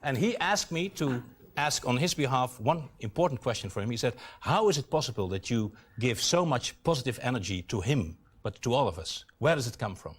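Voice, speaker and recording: A man's voice: medium pitch, animated, a little fast, slightly rough. A man from the Netherlands hosting a television interview, jovial and teasing as he asks questions. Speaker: TV show host.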